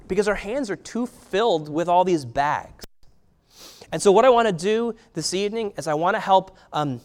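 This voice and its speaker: High-voiced pastor preaching conversationally. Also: male voice. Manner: conversational preaching with filler ums and rhetorical "right?". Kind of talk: sermon.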